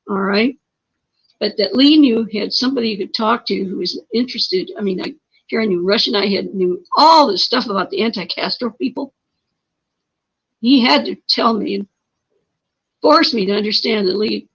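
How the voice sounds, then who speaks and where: Husky woman with an insistent, emphatic delivery. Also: medium pitch, fairly bright tone. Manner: insistent, repeats words and asks rhetorical questions. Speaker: interview guest. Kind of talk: emphatic personal storytelling. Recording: muffled lo-fi stream audio.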